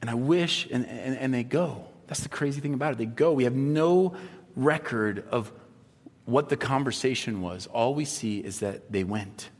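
A man preaching a sermon as a pastor, telling stories with animated delivery and acting out the voices of the people he quotes. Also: medium pitch, normal speed. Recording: long hall reverb.

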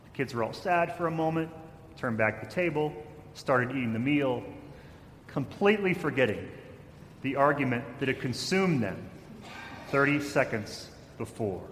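A male pastor delivering a sermon in a church, his voice ringing through a long, echoey hall. He tells stories, now louder, now quieter, and acts out the lines of people in them. A faint noise sits under the room. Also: medium pitch, animated, moderate pace. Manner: storytelling with shifts in loudness, acting out quotes.

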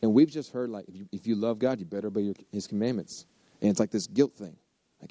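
A man's voice: fairly low pitch, quick pace, mellow, dry recording. A man preaching a casual, conversational sermon, acting out inner voices and poking fun at himself. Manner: conversational, self-deprecating, acts out inner voices. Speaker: pastor. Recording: dull, slightly lo-fi dry sound.

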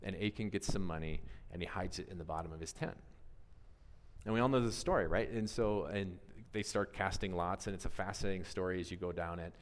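A man preaching a conversational sermon, animated and always asking his listeners questions. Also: sits low, a little fast. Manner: animated, asks the audience questions, often adds "right?". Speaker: pastor. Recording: long reverb of a large hall.

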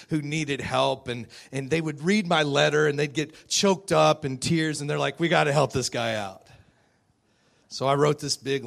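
A man telling his own story to a gathered audience, speaking in an everyday conversational way. He slips in self-deprecating jokes and laughs often. His voice sits at an ordinary middle pitch. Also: vocal fry, fairly bright tone. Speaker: speaker sharing a personal testimony.

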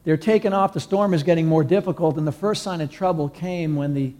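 A pastor preaching a conversational sermon, telling stories and repeating key lines slowly for emphasis. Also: male voice, fairly high pitch, a little mellow. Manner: conversational storytelling, slow emphatic repetitions.

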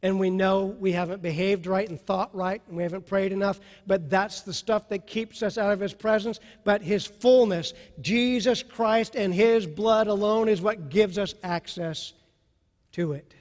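A male pastor preaching a sermon with passion, dropping soft and then rising to loud. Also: sits high, measured pace, in a large hall.

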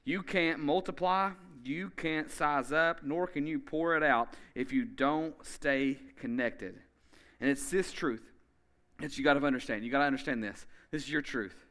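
A man preaching a sermon as pastor, emphatic and energetic, speeding up in bursts and slowly repeating key phrases. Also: a little high. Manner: energetic, with quick bursts of speech.

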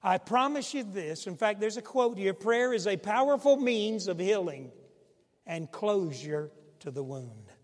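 A male pastor preaching with a high, ringing voice that rises to loud pleas and drops to hushed emphasis. His sermon carries a long reverb from a large sanctuary.

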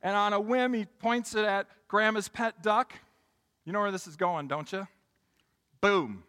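A male pastor preaches in a large room where his high, bright voice trails into a long reverb. Speaking at normal speed, he builds to emphatic peaks, then drops low and quiet for his stories.

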